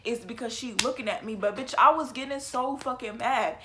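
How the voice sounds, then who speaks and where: A young woman telling a story from her own life in a casual, animated and profane way. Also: a little high, brisk, background noise. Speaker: storytelling vlogger.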